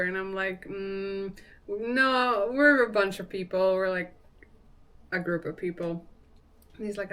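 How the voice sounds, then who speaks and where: A woman's voice: mid-range voice, normal speed, a bit bright. A young woman chatting casually on a live stream, telling a story with lots of fillers and laughter.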